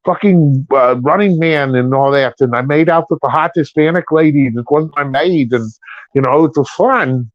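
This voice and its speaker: A man's voice: a little high, moderate pace, no echo, lightly acted. A man on a livestream call, playing a boastful 1980s action movie star with crude, absurd bragging. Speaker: livestream caller. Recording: dull dry lo-fi audio.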